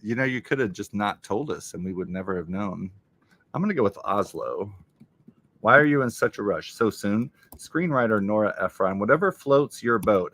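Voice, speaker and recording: Faint music plays behind a man whose fairly low voice is expressive and a bit bright, at a normal pace. Hosting a casual live stream, he reads crossword clues aloud and mutters his guesses as he solves.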